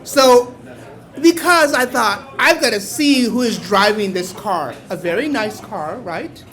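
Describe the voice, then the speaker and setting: Older man telling a wry story slowly. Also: high voice, expressive. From Mexico. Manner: playful, wry, bursts into loud exclamations. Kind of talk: live stage storytelling. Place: small bar venue before a live audience.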